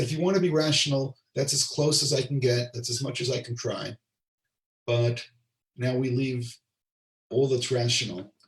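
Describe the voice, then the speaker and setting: A man, a rabbi, telling a story in a Torah class, translating Hebrew line by line into English with asides to his listeners. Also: medium pitch. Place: lives in Israel. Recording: roomy sound, distant mic.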